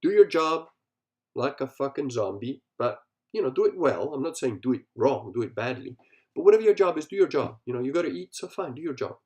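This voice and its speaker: A man's voice: mid-range voice, very animated, brisk, a little mellow. A middle-aged man hosting a solo podcast, talking bluntly and profanely, telling stories and acting out what people said. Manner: profane, blunt, storytelling with acted-out quotes. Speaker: podcast host.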